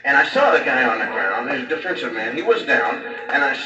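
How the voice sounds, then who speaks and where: A man's voice: mid-range voice, big pitch swings, fast, over music. A man, a comedian, telling a rambling stand-up story full of "you know". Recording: distant, echoey, dull live recording.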